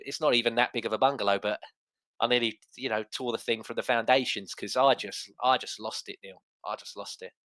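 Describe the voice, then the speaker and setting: Enthusiastic podcast host, dry sound. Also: male voice, medium pitch, fairly bright tone, no echo. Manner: enthusiastic, rambling. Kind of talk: casual football podcast chat.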